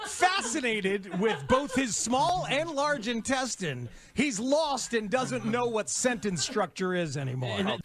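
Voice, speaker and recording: A man's voice: extremely high pitch, very animated, slow pace, fairly bright tone. A man on sports radio mocking someone with laughing insults. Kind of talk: talk radio banter.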